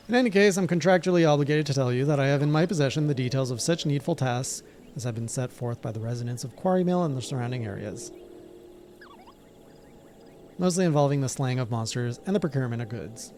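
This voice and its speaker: A man's voice: medium pitch, darkish tone, lightly acted. A man voicing a bored, sardonic male guild clerk in a game, talking in a dry, wordy way.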